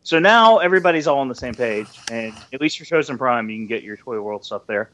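A man's voice: mid-range voice, lively intonation, brisk, a bit bright, slight background noise. A man co-hosting a podcast in casual chat, rambling and swearing with many restarts. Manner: rambling, profane, full of restarts. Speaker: podcast co-host. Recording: dull lo-fi audio.

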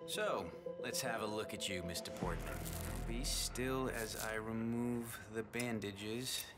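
An actor playing a polite, earnest male surgeon in a video game, speaking in a measured, courteous way over game music. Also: fairly low pitch, lightly acted.

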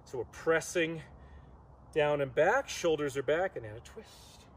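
A man's voice: on the high side, expressive, a little slow, a little hiss or hum. A man from Southern California leading a guided yoga class outdoors, cueing poses and breaths with joking asides. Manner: joking asides between pose cues. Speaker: yoga instructor.

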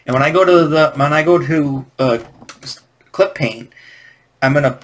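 A man's voice: fairly high pitch, moderate pace, a bit bright. Rambling man explaining comic scripting. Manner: rambling, hesitant, many restarts. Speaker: comic creator teaching scripting. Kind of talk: casual instructional talk.

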